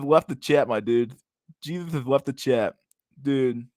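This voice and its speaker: A man's voice: mid-range voice, a little slow, a little mellow, dry recording, clean studio sound. A young man reacting to videos in casual, profane commentary, incredulous and sarcastic, who keeps calling people dude. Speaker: stream host reacting to videos.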